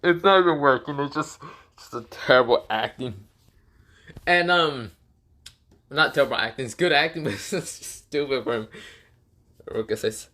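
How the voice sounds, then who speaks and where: A man's voice: mid-range voice, normal speed, long pauses, bright, forceful tone. A man telling a fan story casually, rambling with fillers, swearing and laughing.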